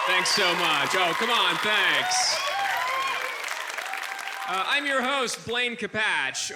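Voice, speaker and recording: A man hosts a stand-up set with a high voice and a dry, self-mocking delivery. He works a comedy club stage through a handheld mic. The live recording carries a loud audience and steady background noise. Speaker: stand-up host. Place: comedy club stage before a laughing crowd.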